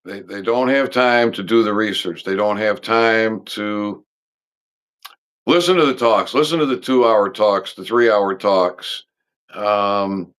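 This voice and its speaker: Man hosting a stream, low-ish smooth voice, unhurried rambling monologue with frequent restarts. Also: a bit bright. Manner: halting, full of pauses and restarts; blunt, occasionally swears. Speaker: live stream host.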